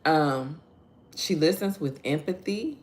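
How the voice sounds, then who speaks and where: A woman's voice: low-pitched, lively intonation, takes it slowly, darkish tone. A middle-aged woman hosting a casual devotional talk, earnest and conversational, reading viewer comments aloud. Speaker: devotional host.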